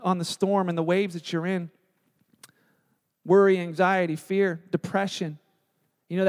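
A male pastor preaching a sermon in a relaxed, conversational storytelling way. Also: sits high, big-room sound.

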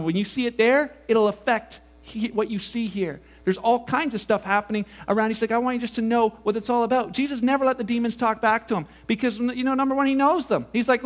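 A male pastor with a strikingly high voice, preaching a sermon. He talks in a loose, animated way and keeps slipping into little acted-out voices of the people he describes. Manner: animated, acts out quoted voices.

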